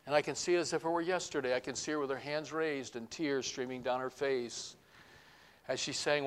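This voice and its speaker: A man's voice: mid-range voice, a little fast. An older man preaching a heartfelt testimony sermon, earnest and building to fervent appeals.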